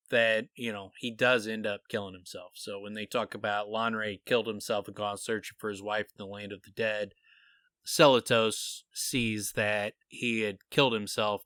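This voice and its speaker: A man co-hosting a podcast, animatedly thinking out loud as he retells and theorizes about scenes from a book. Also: fairly low pitch, no echo. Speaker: podcast co-host. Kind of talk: casual podcast discussion.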